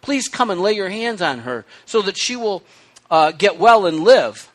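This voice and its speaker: A man preaching a sermon with hiccups, reading scripture aloud and explaining it in an animated, conversational way. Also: high voice, unhurried. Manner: animated, conversational teaching with asides. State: has the hiccups.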